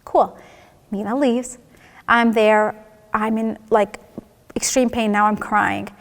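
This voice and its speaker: A woman's voice: medium pitch, fairly even intonation, takes it slowly, long reverb tail. A woman giving a personal testimony at church, telling her story candidly and acting out the dialogue.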